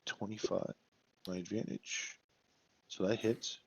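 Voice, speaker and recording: Slow-talking, playful man at the game table. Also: on the low side, level tone, creaky, breathy edge. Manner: slow, playful, talks through his moves. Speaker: player. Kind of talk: playing a tabletop game online. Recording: dull, lo-fi voice chat.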